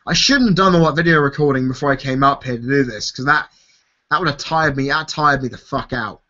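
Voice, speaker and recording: A tired YouTube host answers viewer questions in a casual live-stream Q&A, swearing freely and laughing often. His mid-range voice is a little fast, pushed and bright, and the stream audio is dull and lo-fi.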